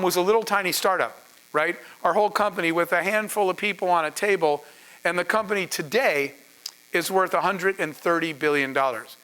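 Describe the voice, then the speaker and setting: High, bright-voiced man telling a business story. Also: poor audio. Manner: animated storyteller, acts out quoted voices. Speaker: entrepreneur giving a masterclass. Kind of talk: storytelling lecture to an audience.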